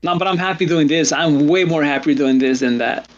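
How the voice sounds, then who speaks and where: A man hosting a livestream, chatting casually and telling rambling stories with halting restarts. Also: a little high, dull audio. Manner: rambling storyteller, laughs often, halting restarts. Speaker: stream host. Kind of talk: casual chat.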